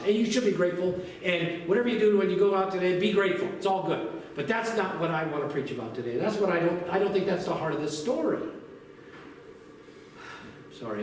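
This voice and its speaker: A man preaching a sermon to his congregation in a lively, conversational way, asking them questions as he goes. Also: sits high, distant mic, slight background noise. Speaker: pastor. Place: church sanctuary. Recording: very echoey church recorded from afar.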